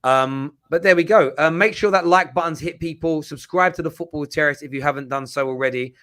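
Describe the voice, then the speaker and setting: A man hosts a casual livestream chat, talking in quick restarts and repeated words. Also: a little high. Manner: animated, stammering restarts. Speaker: host.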